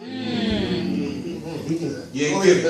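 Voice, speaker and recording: A male pastor preaching an animated sermon, repeating catchphrases to his congregation. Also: high voice, drawn-out words, over music. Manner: animated call-and-response preaching, repeats "watch this". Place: church sanctuary. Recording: echoey church hall from far off.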